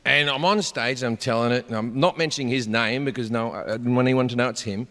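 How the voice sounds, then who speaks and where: A man doing profane, animated stand-up storytelling, shouting his punchlines on a large theater stage. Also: medium pitch, brisk. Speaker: stand-up comedian. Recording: live hall reverb, faint crowd ambience.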